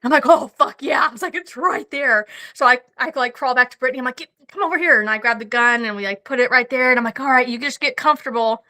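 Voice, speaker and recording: Woman guest, high voice, swears a lot, laughs through her stories. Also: quick pace, few pauses, pushed and bright. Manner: profane, laughing anecdotes. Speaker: podcast guest. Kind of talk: casual storytelling.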